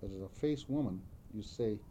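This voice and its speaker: Man, slow and measured, very dark mellow tone, faint rumble behind; careful explainer. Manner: measured, careful, repeats example words.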